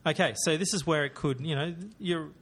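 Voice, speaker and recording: A man's voice: a little high, steady tone, a little fast, a bit bright. A man hosting a quiz in casual podcast chat, chatty, laughing easily, trailing off and restarting. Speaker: quiz host.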